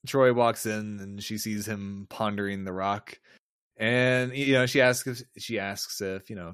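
A man's voice: fairly low pitch, measured pace, fairly bright tone, clear, resonant tone, no echo, clean studio sound. A man co-hosting a podcast, recapping an episode in laid-back casual chat, chuckling often and using lots of fillers. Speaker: podcast co-host.

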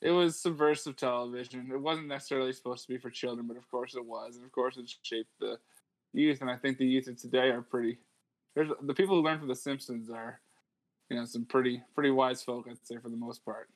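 Man, podcast co-host, casual chat, rambling, enthusiastic, swears, average pitch. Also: steady tone, a little fast. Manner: rambling, enthusiastic, swears often, many fillers.

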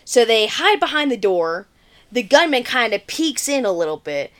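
A woman's voice: fairly high pitch, very animated, normal speed. A woman co-hosting a podcast, casually recapping a film's plot in a chatty way with lots of filler words. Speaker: podcast co-host.

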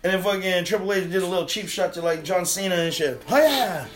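A man's voice: high-pitched, fast talker, faint music behind, rough recording. A man chatting casually on a podcast, rambling and swearing constantly. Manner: profane, rambling, animated. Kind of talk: casual chat.

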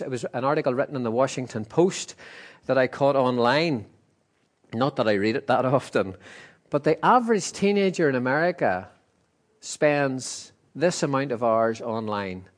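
A man preaching a sermon in a conversational, emphatic way with asides. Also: on the high side. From Northern Ireland. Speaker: pastor.

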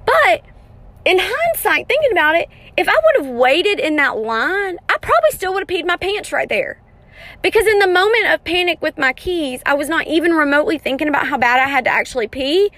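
A woman's voice: high-pitched, no room sound. A woman in her thirties telling an embarrassing story in a casual, chatty way, often poking fun at herself. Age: 30s. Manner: chatty, self-mocking, animated retelling.

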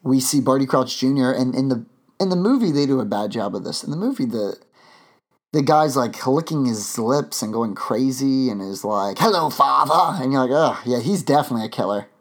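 A man's voice: mid-range voice, moderate pace, darkish tone. Rambling male podcast host. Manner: rambling, many fillers and restarts. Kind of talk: casual podcast chat.

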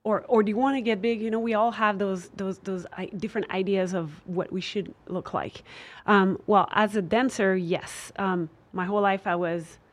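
A dancer appearing as a fitness guest answers questions earnestly in a casual interview. Her mid-range voice is steady and normal in speed, though she restarts often and uses many filler words.

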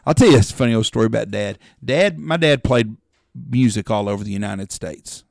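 A man's voice: fairly low pitch, fairly quick, vocal fry, dry recording, clean studio sound. A middle-aged man, telling rambling, profane hunting stories as a podcast co-host. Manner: rambling, profane storyteller who acts out quotes. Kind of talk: casual storytelling chat.

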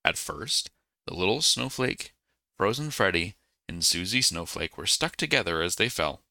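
Man reading a bedtime story, very low voice, gravelly, bright edge, dry close sound. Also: very animated, moderate pace, no room sound.

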